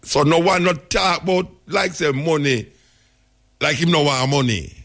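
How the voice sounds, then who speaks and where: A man's voice: on the high side, unhurried, creaky, a bit bright. A man with a Jamaican accent, hosting a talk radio show and telling stories in patois. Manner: storytelling in Jamaican patois, emphatic. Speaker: radio host.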